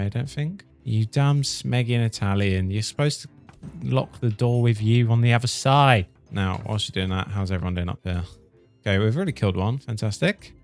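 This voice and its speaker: Gravelly man commentating a game. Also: on the low side. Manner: chatty, cheeky, mildly swearing at his settlers. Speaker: gaming commentator. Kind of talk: casual gameplay commentary.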